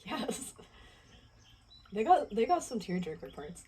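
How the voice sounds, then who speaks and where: A woman's voice: medium pitch, very animated, measured pace, over a noisy crowd. A woman hosting a casual mukbang chat in her home kitchen, chatty and laughing often. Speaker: host.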